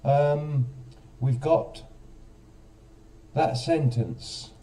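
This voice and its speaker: Slow, dark-voiced man streaming live. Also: fairly high pitch, distant mic. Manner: chatty, talks straight to chat, self-mocking. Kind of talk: casual live stream, quizzing viewers in chat.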